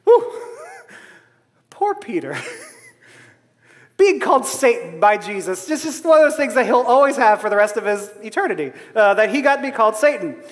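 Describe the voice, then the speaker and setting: A man's voice: high-pitched, lively intonation, normal speed, pauses often. A man preaching a sermon in a humorous, self-deprecating way, laughing often. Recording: long hall reverb.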